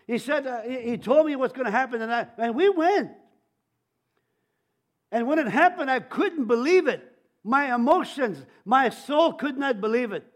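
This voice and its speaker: High-voiced older man preaching, stammering restarts. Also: moderate pace. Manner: testimony-style preaching with many restarts and stammers. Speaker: pastor. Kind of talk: sermon.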